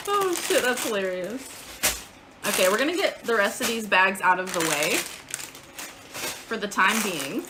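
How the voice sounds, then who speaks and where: A woman's voice: mid-range voice, lively intonation, measured pace, long pauses, very noisy. A woman streaming from home in casual live-stream chat, chatty, swearing casually and answering chat aloud.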